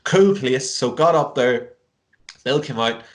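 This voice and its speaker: A man's voice: mid-range voice, lively intonation, measured pace. An Irish man from Ireland, a podcast guest on a video call, telling a long story in casual chat, swearing freely and full of fillers.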